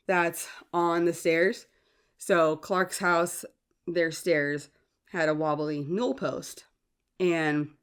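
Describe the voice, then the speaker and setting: A woman hosting a podcast, a parent, chatting casually and acting out movie quotes. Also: lowish voice. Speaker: podcast host. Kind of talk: casual chat.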